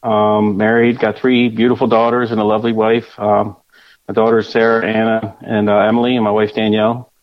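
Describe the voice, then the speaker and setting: A man's voice: on the low side, level tone, brisk, no echo, muffled recording. A man in his early forties from Delaware, answering interview questions in an easygoing way with many fillers. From Delaware, USA. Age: 40s. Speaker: guest. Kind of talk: casual interview.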